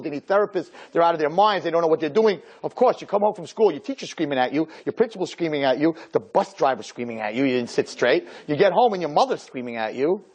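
A middle-aged man preaching as a rabbi to a group of girls, animated and acting out little dialogues. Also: fairly high pitch, slight background noise. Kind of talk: sermon to girls.

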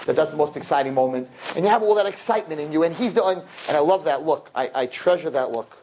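A man's voice: fast talker, rough recording. Man lecturing animatedly. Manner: lively storytelling, jumps high in pitch, acts out characters. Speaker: rabbi teacher.

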